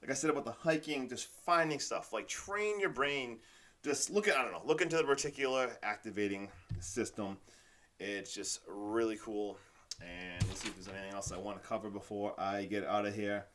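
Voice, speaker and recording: A man's voice: fairly low pitch, moderate pace, a bit bright. A man hosting his own podcast in a casual motivational monologue, rambling and enthusiastic, with lots of fillers. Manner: says "like" and "literally" often. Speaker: podcast host.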